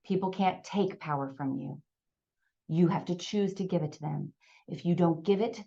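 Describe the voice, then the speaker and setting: A woman's voice: fairly low pitch, lo-fi sound, natural voice. A woman quoting her mother, who firmly and lovingly reassures her daughter. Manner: firm, insistent, reassuring.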